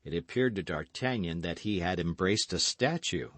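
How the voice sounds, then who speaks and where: Expressive male audiobook narrator. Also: low-pitched, moderate pace, dry recording. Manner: expressive, storytelling. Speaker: audiobook reader. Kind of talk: scripted narration.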